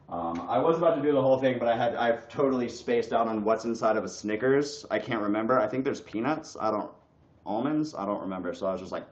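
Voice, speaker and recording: A young man ranting bluntly and crudely on a casual livestream, his voice swinging from loud bursts to low mutters. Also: quick pace. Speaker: streamer. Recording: echoey room, dull lo-fi sound.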